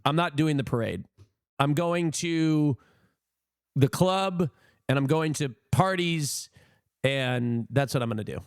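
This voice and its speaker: A man's voice: a little high, slow pace, pauses often, dry recording, clean studio sound. A man livestreaming, chatting casually with his viewers and giving blunt opinions. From United States. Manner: animated, opinionated, talks to chat.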